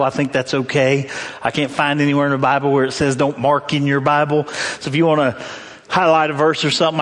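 A man's voice: a little high, a bit bright. A pastor preaching a sermon in a church, conversational and joking, laughing often as he tells stories. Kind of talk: sermon with humorous storytelling. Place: church sanctuary. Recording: long reverb in a large hall.

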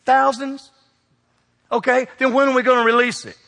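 A man's voice: very high voice, flat delivery, normal speed, creaky, bright, forceful tone. A man preaching a sermon, folksy and joking, calling out members of his congregation by name. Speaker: pastor. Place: large church sanctuary. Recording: long hall reverb from sanctuary.

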